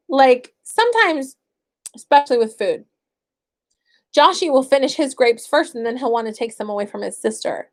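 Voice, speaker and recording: A young mother talks casually to her camera with a bright, high voice. She is chatty and animated, and often acts out what she tells her kids. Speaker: stay-at-home mother starting homeschooling. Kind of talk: casual vlog chat.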